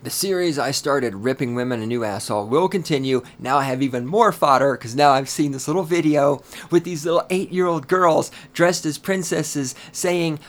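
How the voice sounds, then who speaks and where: A man hosting his own podcast in a solo rant, swearing heavily and talking in a loud, heated way. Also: moderate pace. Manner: profane, ranting, heavy swearing; loud and heated, then lower and grumbling. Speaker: podcast host.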